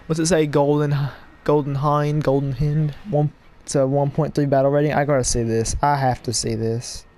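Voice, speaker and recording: A young man rambling excitedly to viewers as he plays a game, recorded at home with game music behind him. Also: on the high side, normal speed. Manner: excitable, rambling, talks to viewers while playing. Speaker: gaming YouTuber. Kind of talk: casual let's-play commentary. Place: home room, people audible outside.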